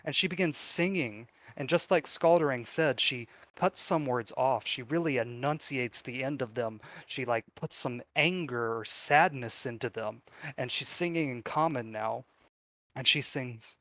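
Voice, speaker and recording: A man narrating a tabletop game as game master with slow, descriptive storytelling. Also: mid-range voice, pushed and bright, no echo.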